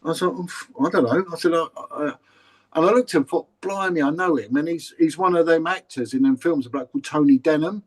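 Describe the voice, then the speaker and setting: A man's voice: a little high, fast talker, rough recording. A man with a London accent, a former police officer telling stories in a casual, blunt interview way. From England. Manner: chatty, repeats words and restarts, blunt.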